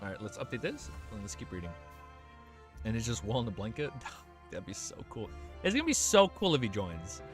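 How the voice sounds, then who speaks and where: A man streaming live, reading a novel aloud and breaking off into excited, profane reactions. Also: lowish voice, a little fast, faint music behind.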